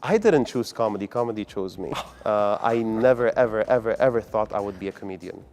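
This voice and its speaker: A man's voice: on the low side, lively intonation, fairly quick, darkish tone, soft background music. A man from the UAE, a comedian answering interview questions in an upbeat, earnest way. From United Arab Emirates. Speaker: comedian and guest.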